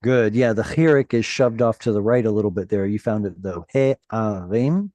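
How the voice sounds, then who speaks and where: A man's voice: lowish voice, normal speed, no echo. A man tutoring a student in Hebrew reading, patiently correcting pronunciation over a video call. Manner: encouraging, corrects pronunciation gently. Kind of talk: patient one-on-one reading lesson.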